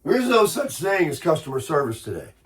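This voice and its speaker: Husky, congested American man chatting. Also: fairly high pitch, huge pitch swings, brisk. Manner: rambling storytelling, grumbling. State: sick, congested and hoarse. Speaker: vlogger. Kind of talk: casual morning chat.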